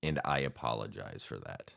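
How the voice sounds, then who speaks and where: A man's voice: rumbling low, lively intonation, moderate pace, creaky, fairly bright tone. A man hosting a podcast in a casual comic monologue, rambling, self-deprecating and crude. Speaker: podcast host. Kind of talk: casual solo comedic monologue.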